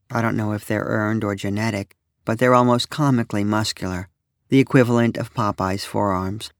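A middle-aged man reading his own humorous personal essay aloud with a wry, deadpan delivery. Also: mid-range voice, creaky, no echo, studio quality.

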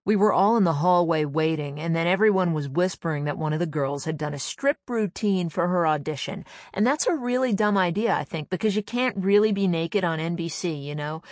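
Woman comedian telling a story, kinda low voice, chatty, does the voices of people she quotes, dry close sound. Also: fairly quick, a little mellow, no room sound. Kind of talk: anecdotal storytelling.

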